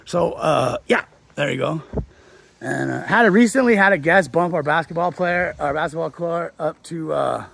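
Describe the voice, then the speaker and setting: A man's voice: a little high, moderate pace, gravelly, fairly bright tone. A middle-aged man, a hotel host, retelling a Bible story in a loose, slangy, rambling way. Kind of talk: casual storytelling.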